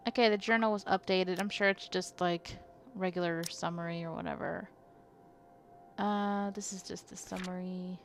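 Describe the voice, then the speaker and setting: A woman's voice: medium pitch, a little hiss or hum. A young woman streaming a story game, reading its text aloud and reacting as an easily frightened player. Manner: easily frightened, reads text slowly and softly.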